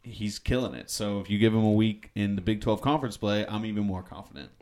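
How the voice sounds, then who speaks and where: A man's voice: on the low side, fast talker, darkish tone. A man hosting a casual sports podcast, upbeat and joking as he leads the segments. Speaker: podcast host.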